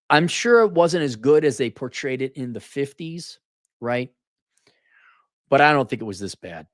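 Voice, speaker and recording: A man's voice: medium pitch, no echo, clean studio sound. A middle-aged man hosting a livestream, reading out viewer donations and answering them in blunt, profane, sarcastic talk, often slipping into mocking impressions. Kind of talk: casual livestream commentary. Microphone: studio mic in a home room with soundproofing panels.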